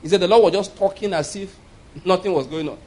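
A man's voice: high voice, quick pace, darkish tone. A man preaching a sermon, telling a story with frequent chuckles and repeated words.

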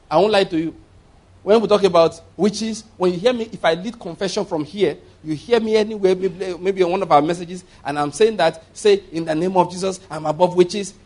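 A man's voice: high voice, normal speed, darkish tone. A man preaching a conversational sermon as pastor, rambling through asides and chuckling often.

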